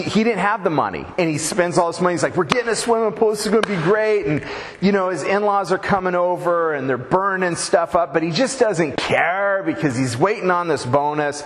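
Conversational preacher in a reverberant hall. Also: male voice, on the high side, normal speed. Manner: conversational preaching with humorous asides. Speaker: pastor. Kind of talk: sermon.

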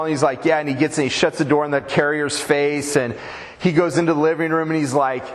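A man's voice: on the high side, steady tone, fast, long reverb tail. A man preaching a sermon as pastor, conversational and folksy, with humorous asides to the congregation.

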